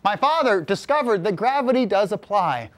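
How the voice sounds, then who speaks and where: A man in his forties telling a comic story, animated and full of vocal sound effects. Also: high voice, normal speed. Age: 40s.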